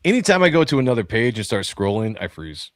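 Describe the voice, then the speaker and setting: A man's voice: mid-range voice, very animated, fast talker, dry recording, clean studio sound. A man in his forties hosting a livestream in casual chat, rambling with many fillers and restarts over a remote call. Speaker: livestream host. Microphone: remote call over a streaming studio.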